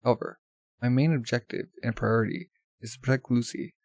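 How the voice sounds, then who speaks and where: A man's voice: medium pitch, brisk, no echo, lightly acted. A man reading as a resolute male protector. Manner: flat read-aloud of comic dialogue.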